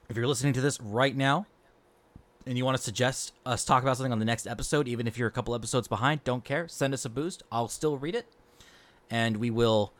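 A man's voice: medium pitch, fairly bright tone. A man co-hosting a casual podcast, talking loosely with many fillers. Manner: rambling, loose, with frequent fillers. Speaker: podcast co-host. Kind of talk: casual chat.

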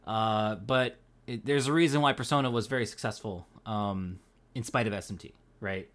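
Speaking at a normal speed with a fairly low pitch, this man carries a Pacific Northwest American accent. He's one of a podcast's co-hosts, chatting casually and easily, often using fillers and sometimes cursing.

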